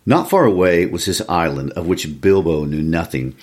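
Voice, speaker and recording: A man's voice: low voice, animated, normal speed, darkish tone. A man in an easygoing literary chat who chuckles as he talks and reads passages aloud. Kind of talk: casual literary discussion and reading aloud.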